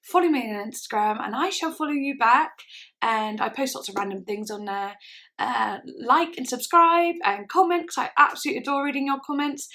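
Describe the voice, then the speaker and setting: A woman's voice: high-pitched, lively intonation, brisk, sharp tone, slight background noise. A young woman chats enthusiastically as she reacts to music, sometimes singing along. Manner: chatty and enthusiastic, sings along to snippets. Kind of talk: casual reaction chat. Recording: music playing faintly behind the voice. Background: song playing in the background.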